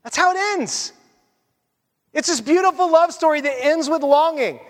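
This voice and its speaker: A man preaching a sermon as a pastor, animated and conversational. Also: very high-pitched, normal speed, in a large hall.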